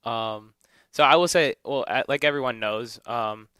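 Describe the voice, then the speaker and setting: A man in his twenties from Illinois co-hosts a casual morning radio chat, rambling unhurriedly with many fillers. Recorded on a studio microphone with no room sound, his medium-pitched voice is pushed and bright, clear and resonant.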